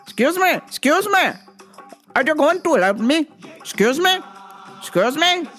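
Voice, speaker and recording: A woman's voice: sits high, big pitch swings, a little slow, a bit bright, soft background music, pitched above the performer's own voice, full character voice. A woman voicing a rude, demanding middle-aged woman customer who repeats herself insistently.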